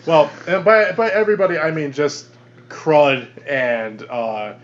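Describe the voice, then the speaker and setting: Guy running a tabletop game, kinda stop-start, muffled podcast sound, faint hiss behind. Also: fairly high pitch. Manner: halting, restarts while describing, chuckles. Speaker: game master. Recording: dull lo-fi podcast audio.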